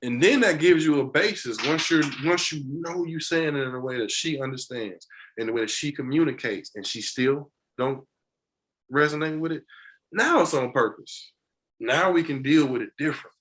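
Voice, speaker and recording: A man talking as a podcast guest in a casual conversation, an animated storyteller who laughs often. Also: on the high side, moderate pace, poor audio.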